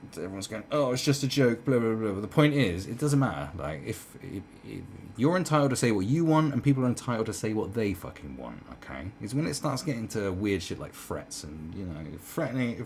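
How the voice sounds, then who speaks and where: A man's voice: on the low side, slight background noise. A man delivering a heated, profane commentary rant, full of stumbles and restarts. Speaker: commentary vlogger. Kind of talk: ranting commentary.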